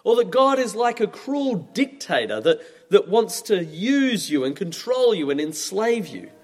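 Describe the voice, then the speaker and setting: Expressive preacher in an echoing hall. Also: male voice, sits high, slow pace. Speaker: pastor. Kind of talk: sermon. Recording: long reverb from a large hall.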